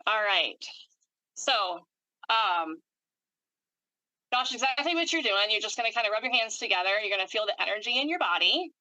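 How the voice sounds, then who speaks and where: Woman, energy worker, bright tone, dry close sound, calm guided instructions, video call. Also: medium pitch, normal speed, pauses often, dry recording, poor audio. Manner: calm, steady, instructive, recites long lists of commands. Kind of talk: guided energy-clearing session.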